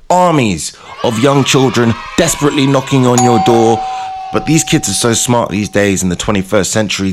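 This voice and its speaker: A man hosting his show, telling playful comic stories in a casual monologue. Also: medium pitch. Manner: animated, playful storytelling. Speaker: show host.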